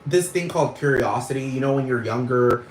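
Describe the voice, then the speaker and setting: Man, mid-pitch, rambling profane rant, exasperated, roomy echo and faint noise. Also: brisk. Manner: swears constantly, rambling, scoffing and exasperated. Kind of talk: profane ranting monologue. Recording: echoey room with faint noise.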